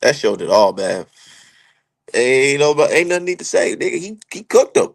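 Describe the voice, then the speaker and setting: A man's voice: medium pitch, big pitch swings, moderate pace, gravelly. A young man giving heated, profane, slangy commentary as a streamer. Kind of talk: ranting casual commentary.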